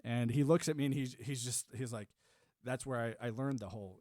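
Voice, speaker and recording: A man's voice: medium pitch, fairly quick, dark tone, dry recording, clean studio sound. A man in his thirties hosting a livestream, chatting casually and rambling with restarts while answering chat. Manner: rambling, restarts, laughs to himself. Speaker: livestream host.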